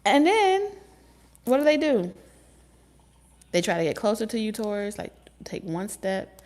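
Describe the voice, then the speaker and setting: A woman giving a casual tarot reading, talking in an animated, joking way with frequent laughs and casual swearing. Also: mid-range voice, moderate pace, pauses often. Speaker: tarot reader.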